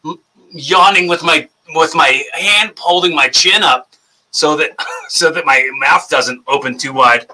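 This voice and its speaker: A man's voice: fairly high pitch, a little slow, pushed and bright, poor audio. A man in his thirties, a podcast guest in casual chat, rambling, laughing and poking fun at himself. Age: 30s. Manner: rambling, laughing, self-mocking.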